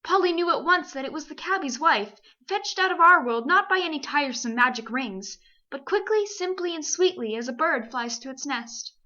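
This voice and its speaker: A woman from Canada reading a children's novel aloud in a lively, expressive way. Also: high voice, moderate pace, muffled recording. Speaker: amateur audiobook reader. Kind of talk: storybook narration.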